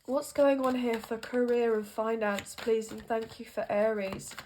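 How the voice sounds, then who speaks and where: A woman with a fairly high voice talks her way through a tarot reading at an unhurried pace. She muses and hesitates as she thinks aloud, leaning on fillers as the ideas come to her. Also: level tone, background noise. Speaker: tarot card reader. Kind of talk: intuitive tarot reading monologue.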